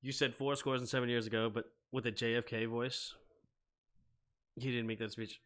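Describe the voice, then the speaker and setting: A young man hosting a live sports stream, mixing casual chat with excitable football play-by-play that climbs to shouting on big plays. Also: mid-range voice, normal speed.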